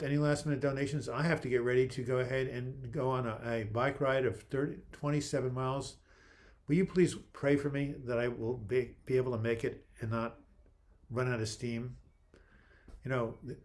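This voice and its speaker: An older man runs a laid-back livestream, voicing viewers' comments and replying with jokey chatter, often starting his sentences over. His pitch sits in the middle range.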